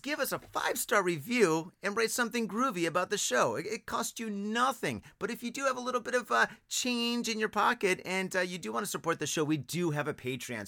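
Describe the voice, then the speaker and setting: A man hosting a podcast in casual chat, excitable and profane, who laughs often. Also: high voice, creaky, dry recording, studio quality. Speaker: podcast host.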